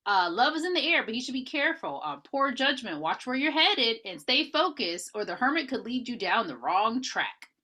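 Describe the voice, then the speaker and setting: A woman's voice: fairly high pitch, moderate pace, hardly any pauses. A woman co-hosting a podcast, recapping a movie in a casual, playful chat. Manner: animated storytelling with playful asides. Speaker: podcast co-host.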